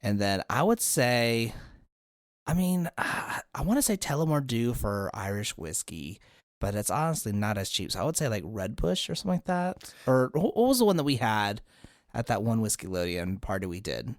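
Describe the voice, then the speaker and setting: A man's voice: medium pitch, moderate pace, dry recording, clean studio sound. A man in his thirties co-hosting a podcast, chatting casually and a little tipsy, rambling through his stories. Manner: rambling, lively storyteller. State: tipsy from drinking. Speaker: podcast co-host.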